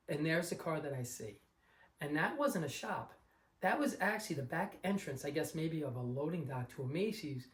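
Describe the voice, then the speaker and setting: Man, from Long Island, casual car storytelling, rambling, echoey room. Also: on the high side. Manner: rambling, anecdotal, acts out the other people in his story. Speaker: car collector vlogger.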